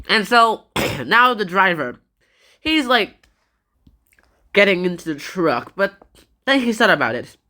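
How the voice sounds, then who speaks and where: A woman's voice: medium pitch, sing-song, slow pace, long pauses, sharp tone. A woman giving a casual, playful book summary and acting out the dialogue. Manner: chatty, playful, acts out dialogue.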